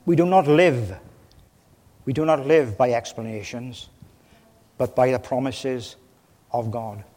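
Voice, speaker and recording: A man preaching a sermon from a church pulpit, impassioned, with his voice swelling loud and then dropping low. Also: a little slow, long pauses. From Wales. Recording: long reverb of a large hall.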